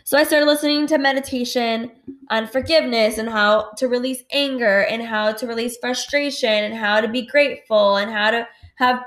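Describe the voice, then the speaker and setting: This solo podcast host, a woman recording at home at night, is candid and casual, swearing freely and saying "like" a lot. She has a slightly high, somewhat bright voice, and the room gives the audio a noticeable echo.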